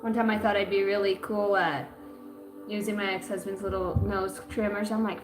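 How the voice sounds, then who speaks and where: A woman's voice: medium pitch, level tone, fairly quick, roomy sound, music in the background. A middle-aged woman reading tarot on a livestream in casual chat, swearing, joking and laughing often.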